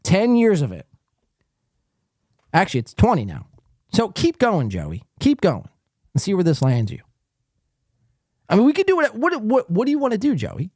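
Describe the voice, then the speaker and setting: A man's voice: high voice, wildly swooping pitch, moderate pace, long pauses, darkish tone, no echo, studio quality. A man hosting a live podcast, reading chat comments aloud and ranting at a viewer in a profane, confrontational, taunting way. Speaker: podcast host.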